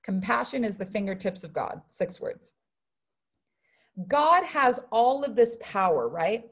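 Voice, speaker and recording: A young woman giving a live spiritual talk to an audience, blunt and profane, swinging between hushed asides and loud, animated bursts. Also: a little high. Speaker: spiritual speaker.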